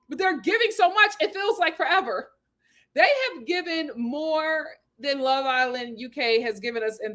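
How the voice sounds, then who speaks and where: High-voiced animated woman recap host. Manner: animated, exclamatory, laughs often. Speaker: host of a reality TV recap channel. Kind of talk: casual live recap chat, reading viewer comments.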